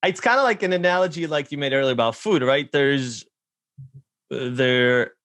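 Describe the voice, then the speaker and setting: A man's voice: medium pitch, normal speed, a bit bright, dry recording. A man hosting a podcast interview, chatting casually and agreeably, laughing easily. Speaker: podcast host.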